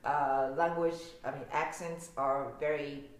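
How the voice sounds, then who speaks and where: A woman's voice: low voice, fairly even intonation, unhurried. A young woman from Osaka with a Japanese accent, teaching pronunciation in a casual lesson and laughing often. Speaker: language teacher. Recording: very echoey room.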